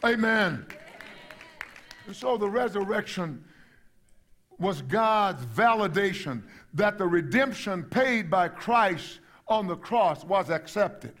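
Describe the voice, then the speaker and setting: A man's voice: high voice, fairly bright tone. A pastor preaching a sermon, emphatic, climbing to exclamations and repeating his words as he goes.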